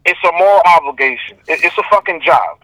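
A man's voice: a little high, lively intonation, quick pace, bright, forceful tone, dry recording, rough recording. A man calling in as a podcast guest in casual chat, blunt and emphatic, swearing heavily and repeating himself.

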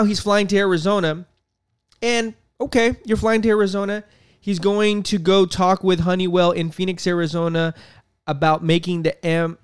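A man's voice: high-pitched, smooth, no room sound, clean studio sound. A man hosting a podcast, ranting about politics in a heated, profane, repetitive way. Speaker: podcast host.

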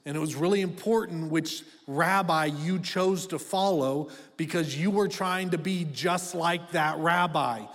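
A man's voice: on the high side, measured pace, hardly any pauses, a bit bright. Conversational man preaching in a reverberant hall. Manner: conversational, direct, asks the congregation to respond. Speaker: pastor. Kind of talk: sermon. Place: church auditorium. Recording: long reverb of a church hall.

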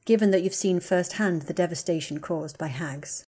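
A woman's voice: lowish voice, moderate pace, dark tone, breathy edge. A woman voicing a cold, bitter young wizard. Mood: cold, curt.

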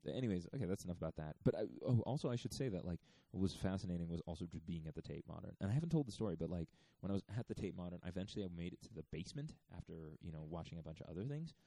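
A man's voice: sits low, expressive, very fast, few pauses, warm tone, no echo. A man in his thirties casually telling a story, rambling with lots of fillers. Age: 30s.

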